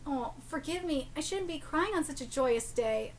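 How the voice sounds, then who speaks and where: Woman reading as a gentle grieving widow noblewoman. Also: sits high, lively intonation, normal speed, slight background noise. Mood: sorrowful.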